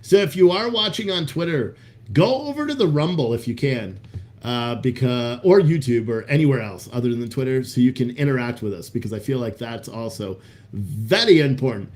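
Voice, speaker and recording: A man's voice: medium pitch, expressive, moderate pace, a little mellow. A man hosting a live stream, chatting casually with viewers in a loose, profane, hyped-up way. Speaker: livestream host selling coffee.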